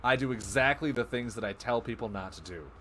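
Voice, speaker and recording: A man streaming a card game live, thinking aloud about his plays, excitable and self-mocking. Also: medium pitch, fairly quick, noisy background.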